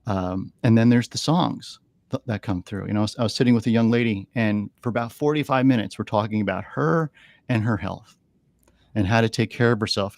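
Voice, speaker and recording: A man's voice: on the low side, darkish tone, no room sound. A man talking earnestly on a podcast, telling stories and often repeating words as he gathers his thoughts. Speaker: animal communicator guest. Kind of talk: storytelling interview talk. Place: podcast studio.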